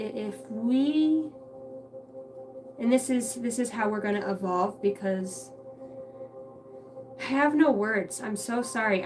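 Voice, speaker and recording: A woman gives a loose, rambling spiritual reading outdoors on a ranch, often searching for words and swearing casually. She sits well back from the microphone, and clear music plays behind her voice. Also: medium pitch, distant mic. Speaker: spiritual channeler. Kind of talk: livestream intuitive reading. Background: music, passing pickup trucks.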